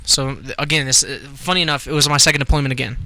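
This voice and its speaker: A man's voice: mid-range voice, fairly even intonation, very fast, pushed and bright, no echo. A young man co-hosting a podcast, swapping crude jokes and stories in casual banter. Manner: profane, laughing banter. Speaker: podcast co-host. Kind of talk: casual chat.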